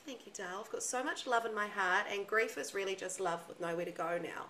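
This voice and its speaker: A woman's voice: medium pitch, brisk, bright, forceful tone, a little hiss or hum, low-quality recording. A young woman in a casual podcast chat, talking candidly and emphatically and swearing freely.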